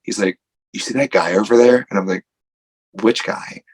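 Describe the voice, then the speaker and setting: A man's voice: on the low side, normal speed, slightly rough, rough recording. A man, a wrestler guest on a podcast, telling a casual story with lots of "like" and acted-out quotes. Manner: rambling storytelling full of "like", acting out quotes.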